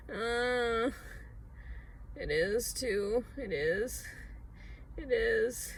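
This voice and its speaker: This woman vlogger speaks extremely slowly in her confessional video diary, pausing often, her voice breathy-edged with lively intonation. Venting raw distress, she repeats herself and veers between low murmurs, whispers and sharp outbursts, captured on a low-quality recording.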